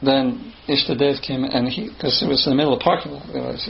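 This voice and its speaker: A man telling a personal story in casual, halting speech, pausing often and restarting his sentences. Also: mid-range voice, steady tone, vocal fry. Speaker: spiritual teacher telling a story. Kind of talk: storytelling talk. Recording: dull sound with faint ambient noise.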